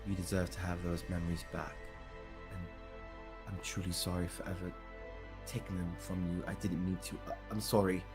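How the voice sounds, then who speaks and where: A man playing a young woman hero in a tabletop game who is full of remorse. She apologizes in a low, halting voice over faint music. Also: little pitch movement. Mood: remorseful.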